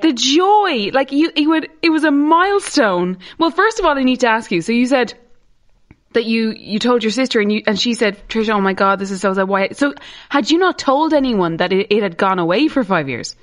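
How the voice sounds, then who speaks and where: An Irish woman hosting a podcast interview, expressive and often laughing. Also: a little high, brisk. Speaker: podcast host. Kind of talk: casual interview.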